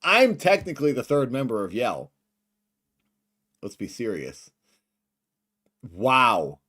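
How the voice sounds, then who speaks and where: Excitable male streamer. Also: medium pitch, takes it slowly. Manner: excitable, bursts into shouts. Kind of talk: livestream reaction commentary.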